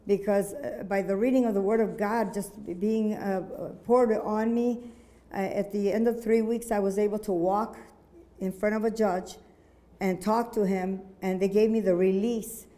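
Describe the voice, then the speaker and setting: A woman giving a personal testimony at a church conference, telling her story earnestly with many halting restarts. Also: mid-range voice, fairly even intonation, warm tone.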